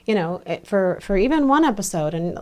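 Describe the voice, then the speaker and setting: A woman's voice: medium pitch, animated, fairly quick, mellow. A woman hosting a podcast in casual chat, effusive and chatty, often restarting her sentences. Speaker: podcast host.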